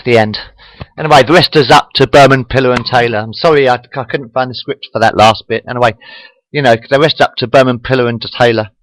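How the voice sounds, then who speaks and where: A man reads his homemade fan story into a webcam, rambling, apologetic and correcting his own slips along the way. His voice is of middling pitch. The room sound is dry and close. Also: fairly even intonation, brisk, a bit bright, no room sound, poor audio. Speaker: amateur fan fiction reader. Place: home room.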